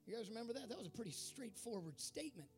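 A man preaching a sermon in a fervent way, at times rising to shouts. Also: very high-pitched, lively intonation, fast talker, soft background music. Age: adult.

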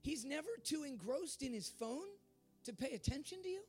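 A man preaching a sermon in a fervent way, at times rising to shouts. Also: extremely high pitch, expressive, moderate pace, faint music behind. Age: adult.

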